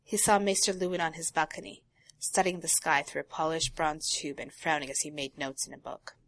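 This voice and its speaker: A woman co-hosting a casual talk show, reading a long passage from a novel aloud and breaking off for quiet asides. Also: deep voice, brisk. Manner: reads prose steadily, drops to quiet asides. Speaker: podcast co-host.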